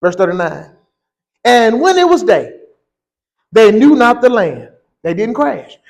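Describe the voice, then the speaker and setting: A man preaching a sermon, reading scripture and then building to slow, emphatic shouted lines. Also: high voice, sing-song, gravelly, poor audio.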